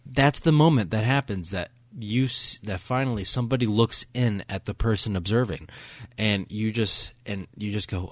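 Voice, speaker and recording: A lowish-voiced man speaks at a moderate pace with no room sound. He co-hosts a casual film podcast, retelling a scene with eager enthusiasm and lots of filler words in a laid-back review chat.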